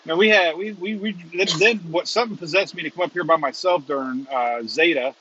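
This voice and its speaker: Male storm-chase stream host, rambling and chuckling, talking from a car, slightly high voice, dull lo-fi sound. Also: a little fast, bright, forceful tone, slight background noise. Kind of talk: casual live chat while driving. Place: inside a moving car.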